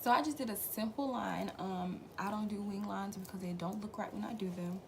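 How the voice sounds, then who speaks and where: A young woman with a slightly raspy just-woke-up voice, chatting casually to viewers through a makeup tutorial at home. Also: medium pitch, a little fast, a little hiss or hum. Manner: chatty, relaxed, talks to viewers as friends. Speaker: beauty vlogger.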